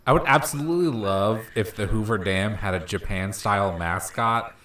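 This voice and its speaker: A man's voice: fairly low pitch, normal speed, fairly bright tone. A man co-hosting a game stream, chatting casually and riffing on jokes. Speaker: stream co-host. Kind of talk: casual gameplay chat.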